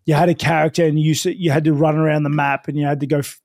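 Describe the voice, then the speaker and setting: A man's voice: a little high, level tone, fast talker, darkish tone, no echo, studio quality. A young man, co-hosting a podcast in casual, enthusiastic chat. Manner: chatty, enthusiastic, many "like" fillers. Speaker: podcast co-host.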